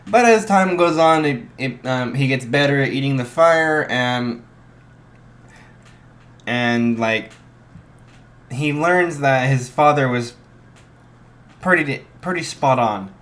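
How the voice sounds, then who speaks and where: A young man improvising a fan story, halting with many restarts and fillers. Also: medium pitch, a bit bright.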